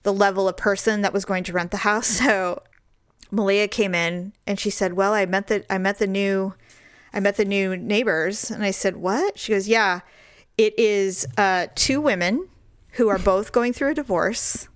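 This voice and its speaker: A woman's voice: normal speed, smooth, dry recording. Chatty woman co-host, gossipy storyteller, dry close sound, big swings into put-on voices. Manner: animated, jumps into high put-on voices when quoting people. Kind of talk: casual chat, storytelling.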